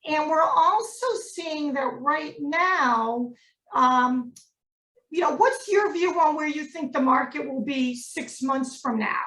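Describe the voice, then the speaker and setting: A woman's voice: high voice, slow pace, fairly bright tone, recorded from a distance. A woman playing a listing agent in a training role-play, earnest and a little hesitant. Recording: echoey room, voice from afar.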